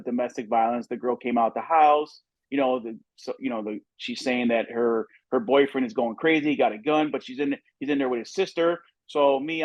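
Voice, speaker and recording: A man's voice: medium pitch, no echo. Former police chief man, muffled audio. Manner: conversational, many fillers and restarts. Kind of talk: casual storytelling.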